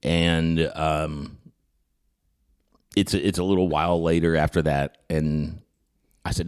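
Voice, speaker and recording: Deep-voiced male host, chatty storyteller, stumbles and restarts, acts out dialogue. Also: measured pace, long pauses, clear, resonant tone. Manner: animated anecdote telling with many restarts. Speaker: podcast host. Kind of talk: casual storytelling chat.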